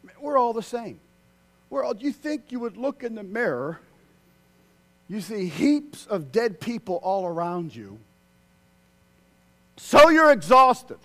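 A man preaching a sermon, swinging from loud, excited outbursts to hushed, quiet passages. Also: high-pitched, measured pace, long pauses.

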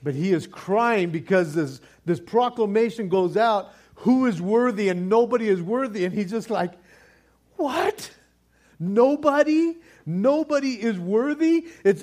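A man preaching a sermon in an animated, casual way, repeating words for stress and dropping in slang. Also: high-pitched. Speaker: pastor.

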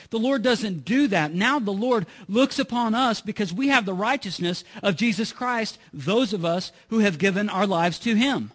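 A man's voice: high-pitched, lively intonation, normal speed, hardly any pauses. A middle-aged man preaching a sermon in a conversational way, often repeating words as he restarts. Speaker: pastor.

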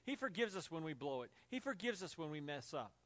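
High-voiced pastor preaching with lively stories. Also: male voice, brisk. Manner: storytelling with acted quotes and laughs. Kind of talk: sermon.

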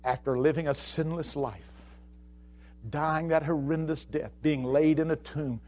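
A man preaching a sermon, telling a story with stammered restarts and swinging between hushed lines and shouts. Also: fairly high pitch, fairly even intonation, measured pace.

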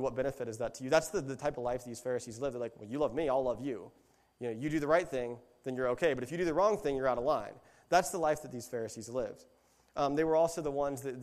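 In a church hall, a male lay preacher talks through his sermon in an easygoing, conversational way, retelling the story and fixing his wording mid-sentence. He speaks at a medium pitch, and the large room leaves a long reverb behind every phrase.

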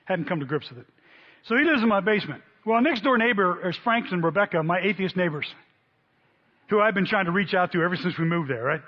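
A man preaching a sermon, telling a story with lively acted-out quotes. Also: sits high, quick pace. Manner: animated storyteller, voices quotes loudly. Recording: dull sound in a long-reverb hall.

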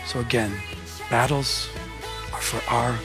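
A man's voice: mid-range voice, little pitch movement, measured pace, music in the background. A man preaching a sermon as pastor, in a conversational way that acts out little stories.

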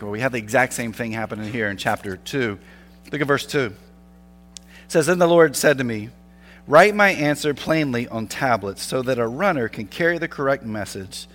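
A male pastor delivers a sermon in an earnest, conversational way, often turning to his listeners with rhetorical questions. His voice sits at an ordinary pitch for a man. A long reverb trails after his words, as in a large church sanctuary. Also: a bit bright.

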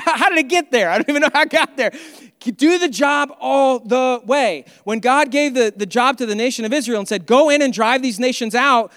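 A man's voice: high-pitched, smooth, studio quality. Man, pastor, earnest conversational sermon, resonant voice, long reverb in a church. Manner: earnest, conversational preaching with parent anecdotes.

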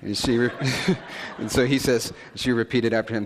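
A male pastor preaching a conversational sermon, telling stories in a relaxed way with frequent fillers and asides. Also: medium pitch, moderate pace, long reverb tail, a little hiss or hum.

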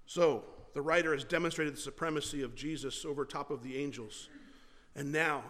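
A man's voice: on the high side, a bit bright, long reverb tail. A man preaching a sermon as pastor, earnest and conversational, asking the congregation rhetorical questions.

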